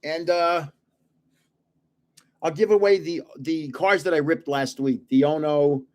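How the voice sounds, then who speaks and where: A man's voice: fairly high pitch, measured pace, darkish tone. An older man hosting a casual livestream, telling rambling stories and chuckling often. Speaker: channel host giving away trading cards.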